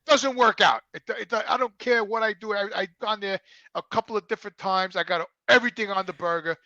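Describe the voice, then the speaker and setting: A man hosting a casual podcast chat, an animated storyteller who repeats words when he gets excited, recorded close and dry. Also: sits high, brisk, no echo, muffled recording. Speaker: show host.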